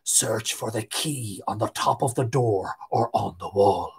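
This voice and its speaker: A man voicing a talking corpse in a slow, hushed, low voice. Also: husky, heavily acted. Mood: eerie. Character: eerie talking male corpse, slow and hollow.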